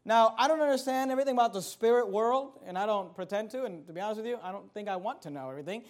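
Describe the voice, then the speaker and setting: A man preaching a sermon, explaining a Bible passage with emphatic rises and drops in loudness and frequent rhetorical questions to the congregation. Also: high-pitched, rapid-fire.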